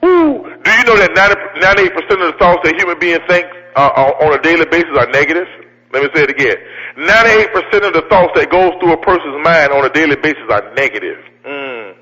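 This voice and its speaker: High bright-voiced man preaching in a hall. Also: lively intonation, fast. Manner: preacher-like cadence, keeps repeating lines and asking the crowd. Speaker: motivational speaker. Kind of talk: fiery motivational speech. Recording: long hall reverb.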